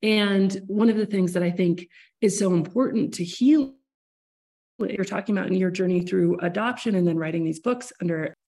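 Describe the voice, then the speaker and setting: A woman's voice: medium pitch, normal speed, mellow. A woman hosting a podcast, explaining ideas earnestly at length, with many restarts. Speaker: podcast host. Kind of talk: casual interview chat.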